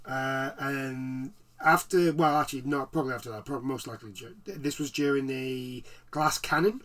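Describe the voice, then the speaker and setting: A man's voice: mid-range voice, normal speed, a bit bright. A man, co-hosting a casual chat podcast, talking in rambling asides. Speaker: podcast co-host. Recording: slightly distant mic.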